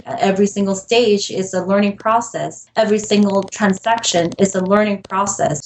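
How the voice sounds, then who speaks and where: A woman's voice: fairly low pitch, rough recording. A middle-aged woman, a podcast guest, talking candidly and emotionally about self-doubt in an interview. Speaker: podcast guest, real estate broker.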